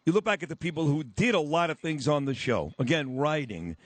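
A man hosting a live radio show, loud and joking, with a fairly high, animated voice. He sounds close and dry, with no room around him. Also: fairly quick, dry recording. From New York. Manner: boisterous, joking. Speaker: radio host.

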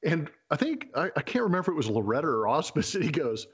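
A man's voice: fairly high pitch, fast, few pauses, slightly rough. A man who used to play pro baseball, co-hosting a podcast and telling dugout stories in easygoing casual chat. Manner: relaxed, laughs easily, shouts out the manager's lines. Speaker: former baseball player, podcast co-host. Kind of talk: casual sports storytelling.

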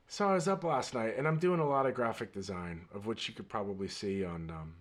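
A man hosting his own podcast, telling a story in a rambling, animated way and laughing readily. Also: on the low side, a little fast, hardly any pauses. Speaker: podcast host. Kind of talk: casual storytelling monologue.

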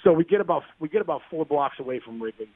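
A man in his forties telling a story as a podcast guest, excitable and animated, acting out the voices of the people in his stories. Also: fairly high pitch, quick pace, slightly rough, no echo. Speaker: guest, former pro baseball player. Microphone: phone call. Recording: tinny dry phone line.

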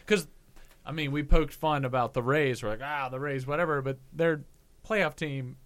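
A man's voice: on the high side, fairly even intonation, moderate pace, a bit bright. A man on a sports podcast, joining the casual chat with joking asides.

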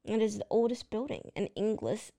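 A woman with a Texan accent co-hosting a casual paranormal podcast, giggling and halting as she tells the history. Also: a little high, creaky, dark tone. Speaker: podcast co-host. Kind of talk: casual chat.

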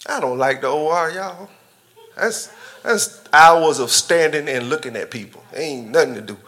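Speaking straight to his church family, a church member shares a personal testimony in a bright, forceful, fairly high-pitched voice. He keeps it casual and conversational at a normal speed, chuckling often.

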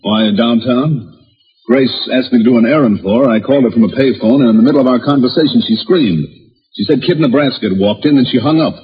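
An actor playing a slick, dismissive male suspect in a 1950s radio drama, arguing smoothly. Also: mid-range voice, fast talker. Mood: insistent, dismissive. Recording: dull old radio broadcast.

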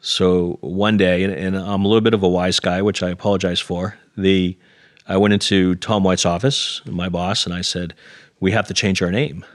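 A man's voice: deep voice, fairly even intonation, moderate pace, no room sound, clean studio sound. A middle-aged man, an interview guest, telling a personal story earnestly and with self-deprecating humor, acting out the dialogue. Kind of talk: conversational storytelling.

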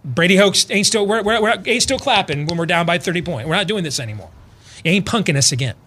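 A man co-hosting a political talk radio show, telling a story with acted-out quotes and building to loud, emphatic points. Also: high voice, lively intonation, fast talker, a little hiss or hum.

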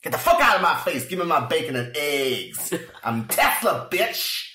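A man putting on a cocky gangster boss who brags and threatens in a loud, raised voice. The pitch sits high above his normal talk, and the room echoes. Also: sing-song, fast, distant mic. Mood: aggressive. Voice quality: loud swaggering trash talk. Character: brash boastful male gangster-style boss.

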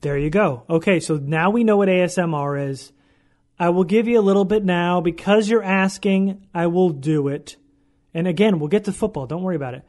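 A man's voice: high-pitched, brisk, darkish tone. A man hosting his own podcast in a casual monologue, joking and poking fun at himself as he rambles. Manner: jokey, self-mocking, rambling. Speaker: podcast host.

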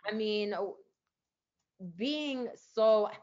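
A woman's voice: on the high side, drawn-out words, darkish tone. Chatty woman podcast host, lo-fi. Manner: chatty, peppers speech with "like". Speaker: podcast host, former wrestler. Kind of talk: casual interview chat.

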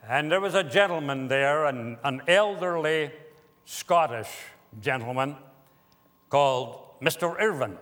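Slow, deliberate preaching man in a reverberant hall. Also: a little high, fairly bright tone. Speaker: pastor. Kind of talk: sermon.

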